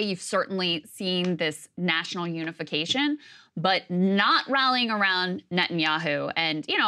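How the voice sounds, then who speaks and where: A woman co-hosting a political news show, speaking in a measured way and thinking aloud with hedges. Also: on the low side, sharp tone. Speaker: co-host.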